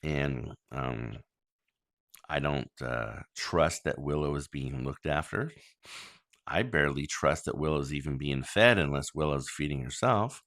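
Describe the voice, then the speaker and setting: A man's voice: very deep voice, unhurried, a bit bright, no room sound, studio quality. A man speaking as a father making a public plea to listeners, blunt and indignant, with many ums and some swearing. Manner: indignant, complaining. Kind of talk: monologue to listeners.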